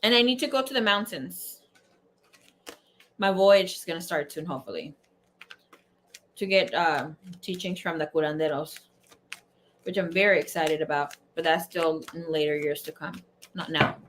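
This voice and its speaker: A woman hosting a casual tarot livestream, telling stories to her viewers in a chatty, animated way, laughing often and swearing freely. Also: low voice, moderate pace, pauses often, slight background noise. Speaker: tarot reader and livestream host.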